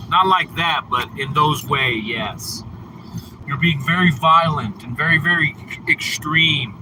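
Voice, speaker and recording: A man's voice: on the high side, unhurried, noisy background. A man livestreaming from a car, teasing and scolding viewers in his chat in casual talk. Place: in a car on a snowy road.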